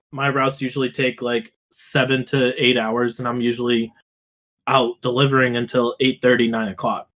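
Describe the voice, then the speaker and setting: A young man co-hosting a podcast, telling rambling, profane stories that drift into rants. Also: mid-range voice. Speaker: podcast co-host. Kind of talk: casual chat.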